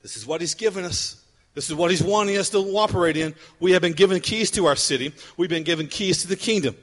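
A man preaching a sermon as pastor, driving his points home through repetition and moving between loud, emphatic stretches and low, quiet ones. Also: fast. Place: church sanctuary. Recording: long hall reverb.

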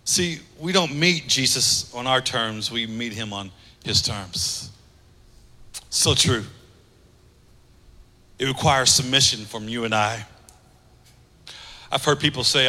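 A man preaching a sermon as pastor, emphatic, swinging between loud declarations and hushed asides. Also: mid-range voice, slow pace, long pauses. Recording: long reverb of a large hall.

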